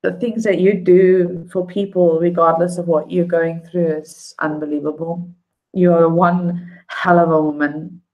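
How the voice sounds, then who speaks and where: A woman's voice: fairly low pitch, level tone, a little slow, dull audio. A woman vlogger chatting on a live stream, rambling and heartfelt with lots of fillers. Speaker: YouTube vlogger. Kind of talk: casual live-stream chat.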